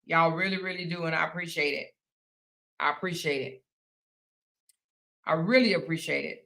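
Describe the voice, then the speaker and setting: With a low-pitched, slightly bright voice and some vocal fry, this woman in her fifties talks at a moderate pace with fairly even intonation. She's hosting a casual livestream, reading comments aloud, laughing, fighting hiccups, and drawling honey and girl in a Southern-Black style.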